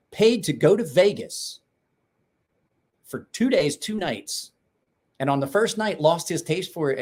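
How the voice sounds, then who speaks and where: A middle-aged man hosting a casual livestream chat, blunt and rambling, swearing freely. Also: fairly high pitch. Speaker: knife-sharpening channel host.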